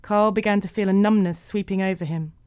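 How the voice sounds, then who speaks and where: A woman narrating a storybook in an even, measured way. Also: medium pitch, clear, resonant tone, no echo, studio quality.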